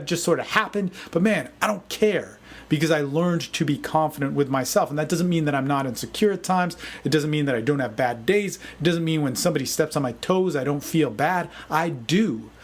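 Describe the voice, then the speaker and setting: A man giving a casual, energetic motivational talk as a dating coach, often saying "man". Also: on the high side, fairly quick, slightly rough. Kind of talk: casual video talk answering a forum question.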